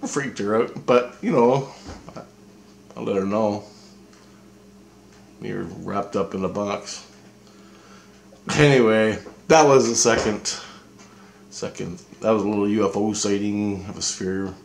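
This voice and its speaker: A man's voice: on the low side, gravelly, a little hiss or hum. Rambling, profane man in an echoey room. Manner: rambling, profane, repeats himself. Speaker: vlogger telling experiences. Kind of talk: casual storytelling.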